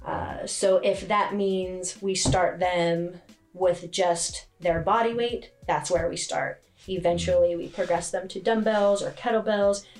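Low-voiced woman coach, relaxed and plain-spoken; faint music under. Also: a little slow. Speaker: gym owner and strength coach. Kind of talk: casual podcast chat.

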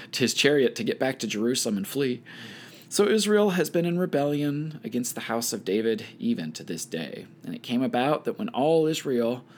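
A man leading a Bible study, reading scripture aloud and adding casual commentary. He talks in a relaxed, conversational way with wry offhand asides. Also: mid-range voice.

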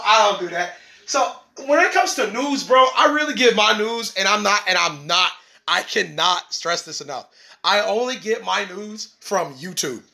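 A man's voice: high voice, bright, forceful tone. A young man hosting a casual solo podcast, rambling in slang and laughing often. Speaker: podcast host. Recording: echoey room, away from the mic.

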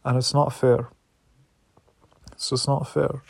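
A man's voice: medium pitch, level tone, slow pace, vocal fry, darkish tone, husky, no room sound. A man talking through raw anger and doubt in a personal reflective monologue, restarting his sentences and swearing often. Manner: raw, angry, searching, with repeated restarts and swearing.

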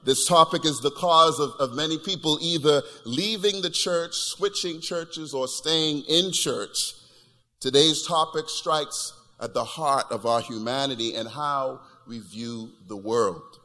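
A man preaching a sermon, telling stories in an animated way with frequent stumbles and restarts. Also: mid-range voice. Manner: animated storytelling with repeated restarts. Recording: long hall reverb.

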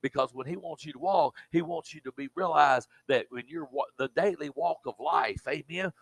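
A man preaches with a gravelly, slightly high voice, pressing his points with repeated words and frequent amens. The recording is dry, with little room sound. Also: normal speed, dry recording, rough recording. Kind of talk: sermon.

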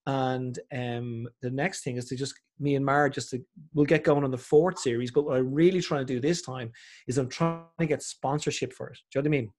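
A man's voice: medium pitch, a little fast. An Irish man chatting casually as a podcast guest, telling stories and acting out the voices of people he quotes. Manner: animated storyteller, acts out quoted voices. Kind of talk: casual chat.

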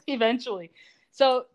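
A woman chatting casually as a podcast co-host, retelling a show's plot. She is animated and sarcastic, breaking into laughs. Her voice sits a bit high. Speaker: podcast co-host recapping a TV show. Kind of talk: casual chat.

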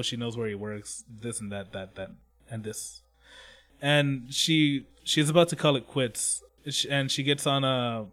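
A man in casual chat, retelling scenes with lots of swearing and acting out the characters' lines. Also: mid-range voice. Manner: profane, rambling, acts out scenes in quoted voices. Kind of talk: casual chat recapping an anime.

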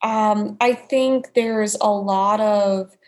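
A woman's voice: medium pitch, fairly even intonation, drawn-out words, darkish tone, low-quality recording. New York woman, chatty explainer. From United States. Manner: explanatory, many "you know" fillers. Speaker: naturopathic doctor, guest. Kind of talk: conversational interview answers.

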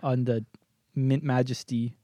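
A young man co-hosting a casual comedy podcast, telling a story in an animated way and laughing often. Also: mid-range voice, a little slow, dry recording. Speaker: podcast co-host.

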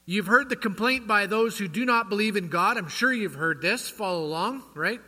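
A man's voice: high-pitched, normal speed, sharp tone, husky. A male pastor preaching a sermon in a church, quizzing the congregation with rhetorical questions. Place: church sanctuary. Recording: long church hall reverb.

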